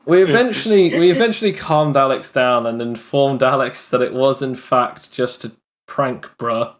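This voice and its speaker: A man's voice: medium pitch, moderate pace. A man who runs a tabletop game, telling a story in casual chat with lots of fillers and restarts. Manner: animated storyteller, many fillers. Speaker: game master.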